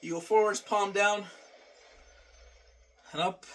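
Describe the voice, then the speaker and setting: High-voiced man repeating himself. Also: a little slow, fairly bright tone, far from the mic. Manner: repeats phrases, swears casually. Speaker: vlogger. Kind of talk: casual workout vlog.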